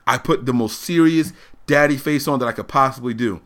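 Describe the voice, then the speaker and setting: A man in his thirties telling a family story on a casual talk show, animated and laughing often as he acts out the people in it. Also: medium pitch, brisk. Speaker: podcast host telling a story.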